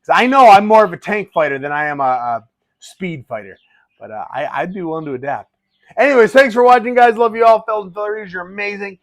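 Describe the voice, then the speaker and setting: A middle-aged man who fights for a living talks into the camera in a casual vlog, eager and animated, often tripping over his own sentences. His voice sits a little high for a man. The recording is close and dry, with no room sound. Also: fast, no room sound. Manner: excited, animated, restarts often. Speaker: fighter and vlogger.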